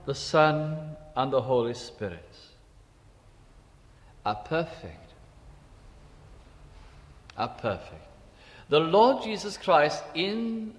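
Slow emphatic preacher in a reverberant hall. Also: male voice, on the high side. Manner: slow, emphatic, repeats phrases, drops to quiet asides. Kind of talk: sermon.

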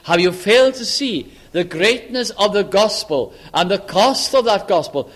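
Older male preacher, high voice, earnest questioning delivery with hushed emphasis. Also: lively intonation, measured pace, few pauses. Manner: earnest, questioning, drops to a hush on key lines. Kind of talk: sermon.

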